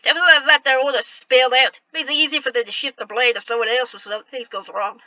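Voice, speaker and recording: A woman's voice: sits high, steady tone, pushed and bright, no echo, muffled recording. A woman reading a worldly city informant's lines from a game, trying for an accent and stumbling over restarts. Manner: halting, reads lines with restarts. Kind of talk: reading game dialogue aloud with an attempted accent.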